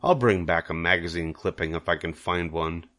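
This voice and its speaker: A man reading aloud and voicing a selfish, grumpy male rat with a gruff, drawling delivery. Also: sits low, normal speed, fairly bright tone.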